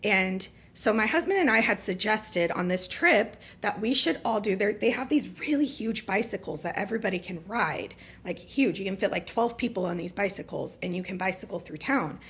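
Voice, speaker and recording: A woman's voice: mid-range voice, lively intonation, moderate pace, hardly any pauses, fairly bright tone, breathy edge. A married woman telling a story about her family in an exasperated, venting way. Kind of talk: casual storytime.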